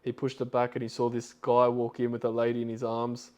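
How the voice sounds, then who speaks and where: A man's voice: mid-range voice, monotone, brisk, a little mellow. A man hosting a podcast, retelling a story in a loose, rambling way with lots of fillers. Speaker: podcast host.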